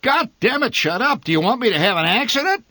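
A man voicing a gruff, irritable father who bellows and curses scornfully at his family from the driver's seat, in a spoken story reading. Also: low-pitched, normal speed, pushed and bright, no echo, voice pushed down, exaggerated voice. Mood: bellowing.

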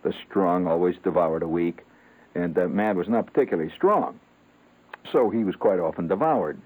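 A man hosting a late-night comic radio show, rambling and halting with lots of fillers and chuckles. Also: low voice, darkish tone, husky. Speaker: radio host. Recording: tinny lo-fi radio broadcast.

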